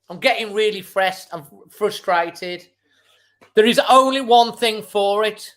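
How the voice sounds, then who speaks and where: A man's voice: sits high, unhurried, fairly bright tone. A man reacts live to a football match as host of a fan channel. He calls the play as it happens, and his commentary is frustrated and exasperated, breaking into outbursts.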